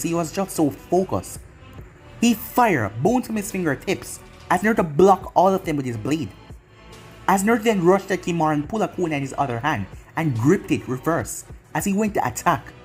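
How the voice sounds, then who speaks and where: A channel host reading a fan-made anime story aloud in long run-on sentences. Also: medium pitch. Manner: run-on, loosely read narration.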